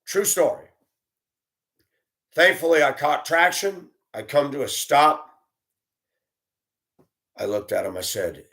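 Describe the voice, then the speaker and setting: A man telling stories about his years as a school bus driver, blunt and animated, acting out the voices he quotes. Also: on the high side, takes it slowly, long pauses. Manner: blunt, plain-spoken. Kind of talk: storytelling monologue.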